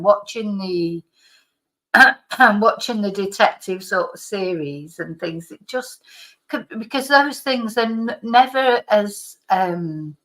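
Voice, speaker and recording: A middle-aged woman reads viewer comments aloud on her live stream, chatting in a rambling way full of restarts and laughter, a slight cough lingering. Her voice is mid-range with a sharp tone.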